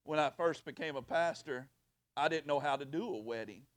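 Middle-aged pastor, fairly high voice, dynamic pulpit delivery, close dry mic. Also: male voice, moderate pace, no room sound. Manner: animated preaching, swinging from loud to quiet. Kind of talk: sermon. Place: church. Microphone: handheld or stand mic with sound operator.

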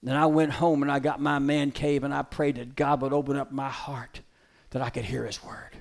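Here a man gives a live sermon to listeners, homespun and emphatic, moving from loud exclamations to soft side remarks and brisk dog commands. The mid-range voice comes out flat, with vocal fry.

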